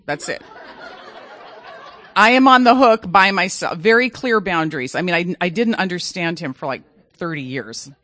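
A woman's voice: on the low side, lively intonation, moderate pace, fairly bright tone. A middle-aged woman telling a personal story in a dramatic, self-mocking way.

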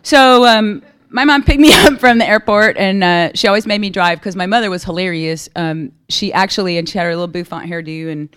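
A woman's voice: medium pitch, fairly even intonation, a little fast, few pauses, fairly bright tone, smooth. A woman giving a candid, conversational recovery testimony at a meeting, often checking in with her listeners. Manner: candid and conversational, keeps asking "right?". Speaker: speaker sharing at a recovery meeting.

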